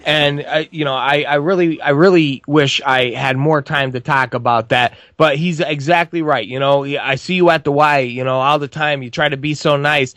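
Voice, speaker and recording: A man's voice: fairly high pitch, fairly even intonation, moderate pace, few pauses, a bit bright. A man hosting a live talk show, loose and hesitant, with many restarts.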